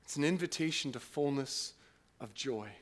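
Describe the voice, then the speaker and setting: A man preaching a sermon, moving from loud, emphatic passages to quiet, reflective ones, sometimes acting out a listener's doubts. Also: medium pitch. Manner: acts out listeners' doubts in a casual, halting voice. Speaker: pastor.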